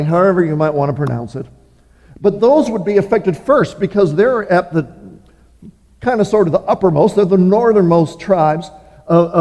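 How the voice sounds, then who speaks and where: A man preaching a sermon as pastor, reading scripture and then explaining it in an earnest way, with measured pauses and small restarts. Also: high voice, mellow. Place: church sanctuary. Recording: long reverb of a large hall.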